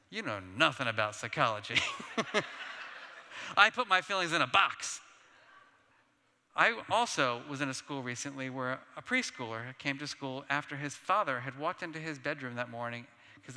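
A man giving a conference plenary talk, telling personal stories in an animated, self-deprecating way with laughs. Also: medium pitch, moderate pace. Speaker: keynote speaker. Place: large conference hall. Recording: long reverb of a large hall.

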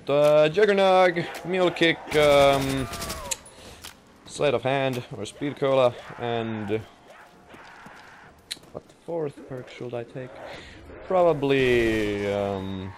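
A young man from Finland chats through his game in a slow, jokey ramble. His voice sits at an ordinary middle pitch. Loud game noise plays under it. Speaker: gaming commentator. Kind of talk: casual gameplay commentary. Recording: noisy game audio behind.

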